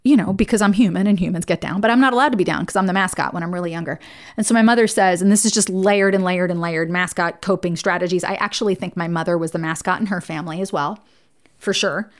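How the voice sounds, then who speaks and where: Expressive woman hosting a podcast. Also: medium pitch, fairly quick. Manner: expressive, swings between playful and hushed. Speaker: podcast host. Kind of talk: reflective solo podcast talk.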